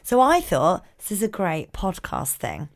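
A woman's voice: on the low side, huge pitch swings, a little slow, vocal fry. A woman co-hosting a podcast, chatting in a playful, rambling way. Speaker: podcast co-host. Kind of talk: casual chat.

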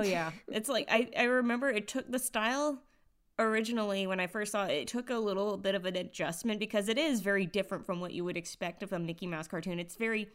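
A young woman chats on a casual podcast in a mid-pitched voice. She laughs easily and loops back over her words as she thinks. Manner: chatty, laughs often, rambling restarts.

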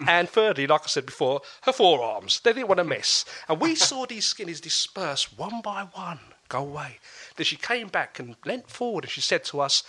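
Bright-voiced man telling a lively story. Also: high-pitched, moderate pace, husky. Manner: animated, acts out quoted voices, laughs often. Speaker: podcast guest. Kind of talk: storytelling in casual chat.

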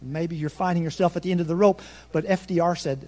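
A pastor preaching a sermon, nervous and fast-talking, with folksy asides that swing between soft remarks and loud, ringing proclamation. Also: male voice, a little high, fairly even intonation. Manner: folksy, self-deprecating asides.

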